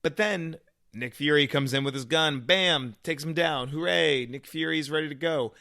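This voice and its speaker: A man chatting casually about a movie, acting out reactions with quick quoted asides. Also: a little high, sharp tone, no room sound, clean studio sound. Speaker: co-host. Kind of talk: casual movie review chat.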